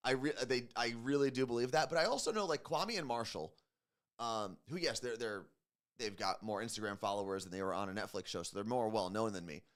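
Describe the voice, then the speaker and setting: A man's voice: lowish voice, a little fast. A man co-hosting a morning radio show, chatting casually and rambling with lots of fillers. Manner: relaxed, rambling, many fillers.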